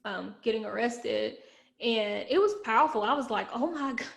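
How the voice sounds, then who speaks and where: A woman hosting a podcast, with a gravelly voice, talking in a hesitant way full of fillers. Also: fairly high pitch, animated, moderate pace. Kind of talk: casual podcast chat.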